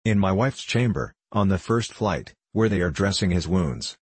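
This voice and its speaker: A man's voice: deep voice, lively intonation, normal speed, husky, no room sound. A man reading the part of a deferential, fearful innkeeper in an audiobook. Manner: deferential, humble. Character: fearful fawning middle-aged innkeeper.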